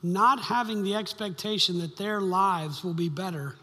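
A pastor, preaching a conversational, joking sermon to a congregation. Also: male voice, high voice, moderate pace, bright, forceful tone. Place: church sanctuary. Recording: long hall reverb.

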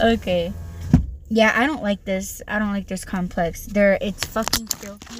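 Slow-talking, fed-up woman gig driver mutters and swears in her car; loud car noise behind her. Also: medium pitch. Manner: frustrated, profane, muttering to herself. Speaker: delivery driver and podcast host. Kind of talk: candid venting recorded on the job. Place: in and around a car while making deliveries.

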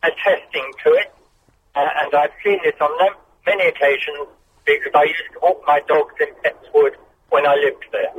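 A man's voice: on the high side, steady tone, highs cut off, slight background noise. Male caller phoning from a car. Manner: unhurried, explanatory storyteller. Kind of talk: phone-in call. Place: car on a motorway. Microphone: telephone.

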